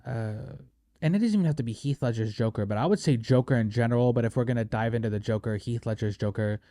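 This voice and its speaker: A young man hosts a casual movie review podcast, joking around animatedly and performing quotes in silly voices. He speaks quickly at medium pitch, recorded cleanly in a studio with no echo.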